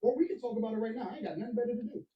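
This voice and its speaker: A man in a heated argument who stays calm and pointed, repeating his points. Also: very high-pitched, rapid-fire, dull audio. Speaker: guest in a clip. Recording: echoey studio.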